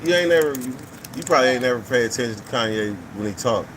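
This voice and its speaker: A man's voice: mid-range voice, lively intonation, quick pace, a bit bright, a little hiss or hum, poor audio. A man hosting a casual live talk stream, reading viewer comments and giving blunt, profane opinions, often repeating his points.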